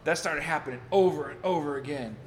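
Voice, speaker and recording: A man's voice: fairly high pitch, quick pace. A man hosting a podcast, telling loose, profane stories in casual chat. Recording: reverberant room, faint noise.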